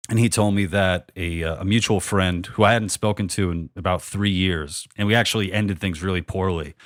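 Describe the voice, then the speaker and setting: A podcast host, a man in his thirties, keeps a casual comedic chat going with self-deprecating jokes, rambling and frequent restarts. His voice is low, fairly quick, and fairly even in intonation. The studio sound is clean, with no echo.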